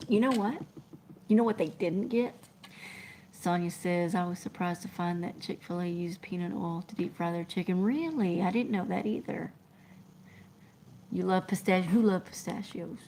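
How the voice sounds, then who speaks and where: A woman's voice: fairly low pitch, normal speed, mellow, slight background noise. A middle-aged woman, chatting scattered and laughing as she reads viewer comments on a livestream. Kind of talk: casual live chat.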